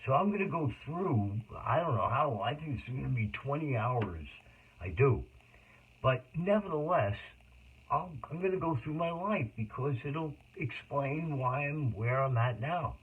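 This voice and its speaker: A man's voice: mid-range voice, expressive, a little slow, breathy edge. A middle-aged man telling his life story in a rambling monologue that jumps between tangents. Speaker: autobiographical monologue speaker. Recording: tinny phone-like audio.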